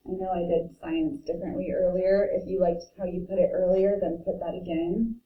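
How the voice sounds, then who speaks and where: A woman teaching a French vocabulary lesson, slowly repeating each word and thinking aloud as she writes. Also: on the low side, steady tone. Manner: repeats words slowly and carefully, thinking aloud while writing. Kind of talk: slow classroom pronunciation lesson. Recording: dull, roomy sound from a distance.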